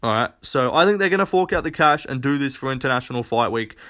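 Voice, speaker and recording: A young man talks in a loose, rambling solo rant, blunt and full of swearing. His pitch sits in a middle range for a man, and he keeps stopping and restarting as he thinks aloud. The delivery is casual and unscripted, with plenty of fillers. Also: animated, quick pace, bright, forceful tone. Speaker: MMA commentator.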